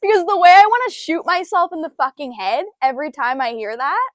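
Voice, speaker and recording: A young woman co-hosting a casual podcast, animated, laughing often and swearing freely. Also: high-pitched, a little fast, no room sound. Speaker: podcast co-host. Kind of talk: casual chat.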